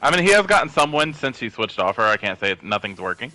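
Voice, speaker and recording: A man co-commentating a fighting game tournament with relaxed, joking play-by-play. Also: medium pitch, quick pace, no room sound, poor audio. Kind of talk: casual gaming commentary.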